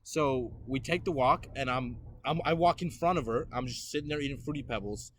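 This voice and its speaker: A man's voice: medium pitch, brisk, a bit bright, slight background noise. A young man hosting a podcast, telling a story casually and laughing as he acts out quotes. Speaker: podcast host.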